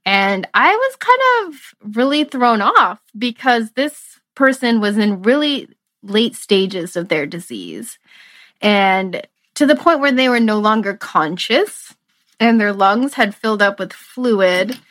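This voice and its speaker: A woman's voice: medium pitch, sing-song, slow pace, a bit bright, no room sound. A young woman in her twenties, a medical student, recounting a personal story in a casual, earnest way. She sounds reflective and laughs through the emotional moments. The recording is dry and close, with no room sound.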